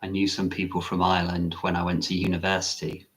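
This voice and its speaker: A man with a very low voice chats with viewers on a live stream, reading out their greetings and answering them. He is a meditation teacher and talks in a relaxed, musing way, often stopping to correct himself mid-sentence. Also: quick pace. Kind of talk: casual live-stream chat.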